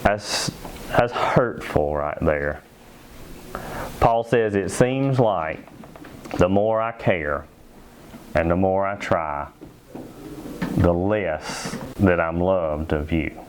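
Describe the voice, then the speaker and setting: A man preaching a sermon as pastor in a church, emphatic, slowing down to stress key phrases. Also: sits low, background noise. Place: church sanctuary.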